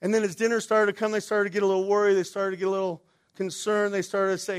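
A man with a notably high speaking voice delivers a relaxed, conversational sermon. He keeps checking in with his listeners with quick "right?" tags and questions to the congregation. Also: clean tone. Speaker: pastor.

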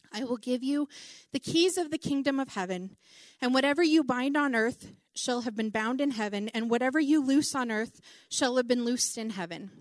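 A middle-aged woman preaching a conversational Bible teaching, animated and chatty, with many asides and "like"s. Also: fairly high pitch, no room sound, clean studio sound.

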